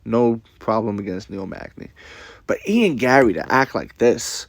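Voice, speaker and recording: A man's voice: medium pitch, very animated, unhurried. A man ranting casually to camera with a blunt, profane, rambling manner, repeating himself. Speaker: commentator.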